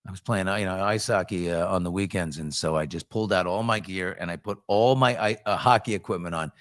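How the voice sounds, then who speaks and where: A man's voice: sits low, quick pace, no echo, clean studio sound. A male podcast host chatting casually, telling stories and jokes candidly and swearing freely. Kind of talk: casual chat and joke telling.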